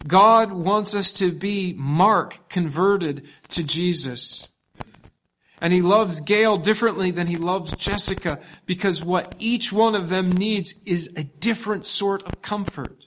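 A man preaching a sermon as pastor, emphatic, swinging from loud passages to hushed ones. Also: high voice, slow pace, slight background noise.

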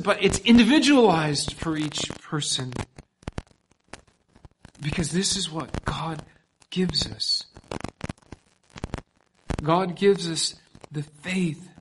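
Man, pastor, sermon, unhurried delivery, emphatic, loud then hushed, faint noise behind. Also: on the high side.

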